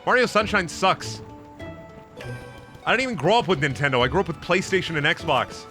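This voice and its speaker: Bright, animated ranting young man. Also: a little high, normal speed, faint music behind. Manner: profane, emphatic ranting. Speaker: streamer. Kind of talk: ranting casual stream talk.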